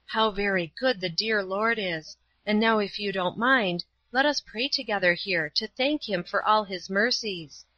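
A woman voicing a gentle, pious old woman who speaks calmly and tenderly in a storybook reading. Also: medium pitch, a little slow, few pauses, no echo, dull audio.

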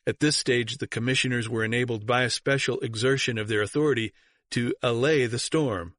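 Dry, measured male audiobook reader. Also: mid-range voice, steady tone, dry recording. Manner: measured reading, lifts and slows for quoted shouts. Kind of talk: audiobook narration of church history.

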